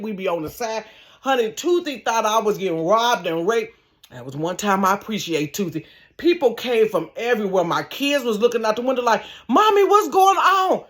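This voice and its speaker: A woman telling a funny personal story in a casual vlog from her bedroom, animated and laughing, acting out sounds. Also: medium pitch. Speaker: storyteller vlogger.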